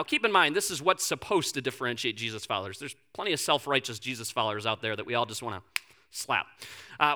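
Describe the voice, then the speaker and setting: A man in his thirties, a pastor, preaching a candid, conversational sermon full of personal stories, moving between loud emphasis and hushed, quiet passages. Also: high voice.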